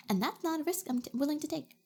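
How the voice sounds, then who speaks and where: A woman's voice: high-pitched, a little mellow. A young adult woman streamer from Canada, chatting playfully and reacting to her chat. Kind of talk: casual chat.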